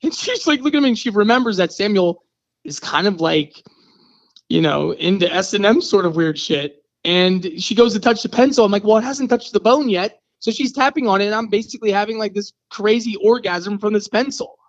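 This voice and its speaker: A man, an actor guest on a radio interview, telling an animated story and acting out the scene's lines. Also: sits high, fairly quick, muffled recording.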